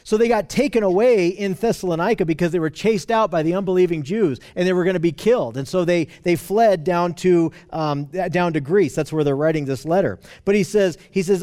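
A man's voice: high-pitched, fairly quick, hardly any pauses, dark tone. A man preaching, explaining scripture in an earnest, conversational way with frequent restarts. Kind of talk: expository Bible teaching.

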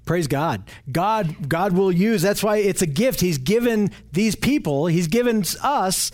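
Man with a high voice leading a group Bible study, earnest and explanatory. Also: animated, measured pace, darkish tone. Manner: earnest and explanatory, often asks the group questions.

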